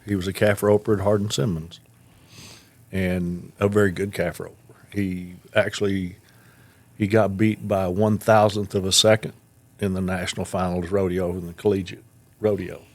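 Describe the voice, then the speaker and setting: A man's voice: sits low, little pitch movement, normal speed, darkish tone. A man co-hosting a podcast, speaking plainly and sincerely in casual chat. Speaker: podcast co-host.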